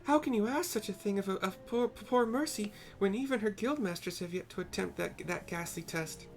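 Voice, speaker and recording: Man voicing a high fretful little mage. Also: lively intonation, moderate pace, gravelly, soft background music. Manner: fretful, protective. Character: small fretful male mage brother.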